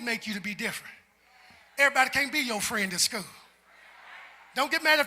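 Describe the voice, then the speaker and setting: A man preaching a sermon as pastor, talking with the congregation and building up to shouts. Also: very high voice, animated, a little fast, pauses often. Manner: preacherly, call-and-response, climbs to shouts. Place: large church sanctuary. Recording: long hall reverb in a large sanctuary.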